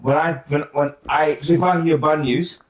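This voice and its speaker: Halting man, distant and roomy. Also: a little high, steady tone. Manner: halting, restarts a lot, thinking aloud. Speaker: podcast co-host. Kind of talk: casual chat. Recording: roomy sound, distant from the mic.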